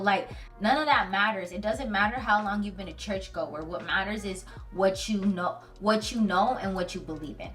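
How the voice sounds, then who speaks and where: A woman giving an earnest, casual Bible talk to her viewers, telling it with lively, slangy storytelling and plain emotion. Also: mid-range voice, distant mic. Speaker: Christian video host.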